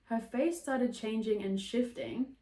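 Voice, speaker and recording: A woman's voice: fairly high pitch, takes it slowly, warm tone, far from the mic. A young adult woman telling a story in casual podcast chat, chatty and swearing freely. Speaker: podcast host. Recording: roomy echo.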